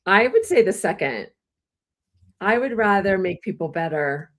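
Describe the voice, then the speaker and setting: A woman co-hosting a casual podcast chat, relaxed and easy to laugh, reading questions aloud. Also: medium pitch, a little slow. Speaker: co-host.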